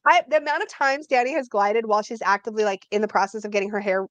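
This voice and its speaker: A woman co-hosting a livestream, chatting in an excitable way with frequent laughs. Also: medium pitch, fast, crowd noise. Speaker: co-host. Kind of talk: casual livestream chat.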